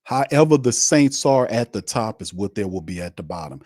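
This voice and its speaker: On a live watch stream, a sports show host vents in a fiery, blunt, repetitive rant, mocking the other side as he goes. His voice is on the low side, animated and a bit mellow, at a moderate pace. The recording is dry and clean, studio-grade.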